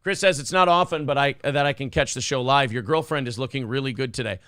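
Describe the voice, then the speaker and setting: A man's voice: medium pitch, fast, a bit bright, clear, resonant tone, dry recording, studio quality. An American man hosting a morning show, ranting and joking sarcastically in casual banter. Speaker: radio show host.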